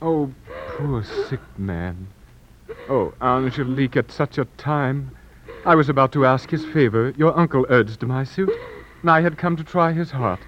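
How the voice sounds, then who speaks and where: An actor playing an earnest, eager young suitor in vintage stage-play style. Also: male voice, mid-range voice, unhurried, a bit bright, close to an everyday voice. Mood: concerned. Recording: muffled lo-fi old radio recording with faint hiss.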